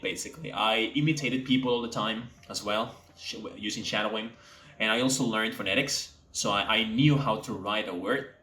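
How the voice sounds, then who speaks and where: A young man from Mexico, an English teacher, chatting casually to camera and speaking deliberately from the throat. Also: fairly low pitch, sharp tone. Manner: speaks from the throat to sound native-like. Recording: echoey room.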